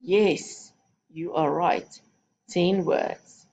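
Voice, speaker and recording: A woman's voice: lowish voice, steady tone, extremely slow, darkish tone, muffled recording. A woman teaching a recorded phonics lesson to young children, giving patient, step-by-step instructions. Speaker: primary school teacher.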